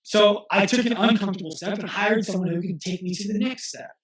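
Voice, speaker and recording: A man in his thirties, a guest in an interview, talking earnestly and telling stories with quick restarts. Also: high-pitched, fairly bright tone, reverberant, low-quality recording. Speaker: guest, physical therapist and coach. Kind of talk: conversational interview.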